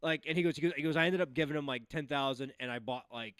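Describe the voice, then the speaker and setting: A man's voice: on the high side, fast, fairly bright tone, clear, resonant tone, no room sound. A man co-hosting a casual sports talk show, retelling stories in a rambling way full of fillers. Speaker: podcast co-host.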